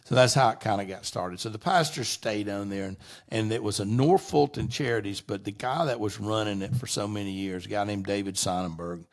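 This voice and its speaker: A man's voice: lowish voice, brisk. A middle-aged man, a guest on an interview show, telling long rambling anecdotes in a casual way and often restarting his sentences.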